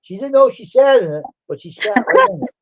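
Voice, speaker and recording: A man's voice: extremely high pitch, huge pitch swings, a little fast, vocal fry, no room sound, lo-fi sound. A man casually telling a long, rambling story from his school days on a livestream, breaking into quoted voices. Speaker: livestream host.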